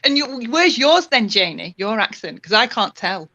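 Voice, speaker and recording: A woman's voice: fairly high pitch, sing-song, moderate pace, bright, forceful tone. A woman with a Northern English accent, chatting casually and laughing often. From Northern England. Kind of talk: casual chat. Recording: dull lo-fi audio.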